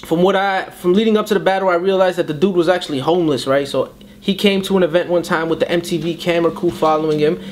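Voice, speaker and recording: Fast-talking young man, raised voice. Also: high-pitched, a little hiss or hum. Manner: animated storyteller, slips into mimicking others' voices. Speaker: battle rapper. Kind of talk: casual storytelling interview.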